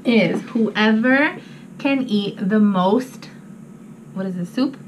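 A woman talks to her viewers in a loose, casual way, excitable and quick to giggle. Her mouth is burning from spicy food as she keeps going. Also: mid-range voice, a little hiss or hum, rough recording. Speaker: vlogger. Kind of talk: casual vlog chat.

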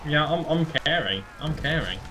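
Male gamer, bright voice, smug and laid-back. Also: fairly high pitch, animated, moderate pace, a little hiss or hum, rough recording. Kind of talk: casual gaming chat.

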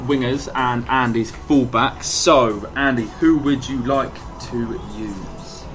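A man's voice: medium pitch, fairly even intonation, slow pace, fairly bright tone, faint music behind. A laid-back man hosting casual gaming commentary. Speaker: gaming YouTuber host.

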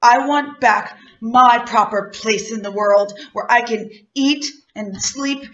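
A woman doing a husky, pompous, ruined rich man. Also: a little high, slow, a bit bright. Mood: indignant. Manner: indignant, self-important complaining. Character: pompous, formerly rich man, ragged and aggrieved. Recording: lo-fi, echoey.

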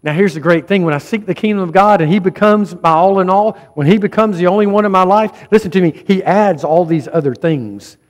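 A man's voice: sits high, a little fast, hardly any pauses, long reverb tail. A man preaching a sermon as pastor, speaking emphatically and often urging the congregation directly. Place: church sanctuary.

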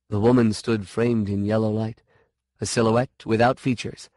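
A man narrating a fantasy short story in a slow, measured reading. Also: lowish voice, flat delivery, a little mellow, no room sound, studio quality.

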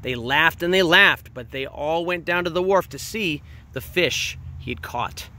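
A man's voice: fairly high pitch, measured pace, bright, forceful tone. A man reading a picture book aloud, drawing out the big words for dramatic emphasis. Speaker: reader. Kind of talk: storybook read-aloud.

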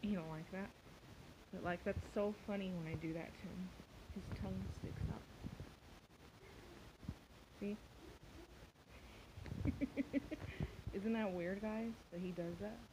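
A woman's voice: mid-range voice, fairly even intonation, moderate pace, pauses often, noisy background. A woman in a casual pet vlog at home, cooing baby talk at her cat and laughing often. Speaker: pet vlogger.

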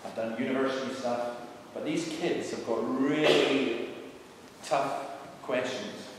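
A middle-aged preacher and evangelist takes it slowly, his mid-range voice steady, as he tells earnest, conversational stories to visitors touring a large church building. The sound is very noisy and captured from far away in an echoing hall.

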